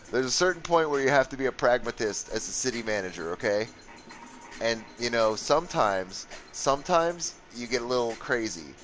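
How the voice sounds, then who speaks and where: A man's voice: medium pitch, animated, normal speed, fairly bright tone, faint music behind. A young man streaming a game, tired and rambling, with sarcastic asides and lots of swearing. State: worn out from a long session. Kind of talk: casual gaming commentary.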